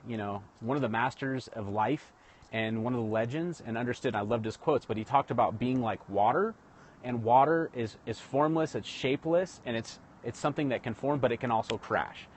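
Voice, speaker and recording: A man's voice: medium pitch, moderate pace. A man hosting a live stream, talking casually to viewers about building rapport, with frequent restarts and direct address. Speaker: livestream host teaching sales rapport. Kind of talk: casual livestream teaching.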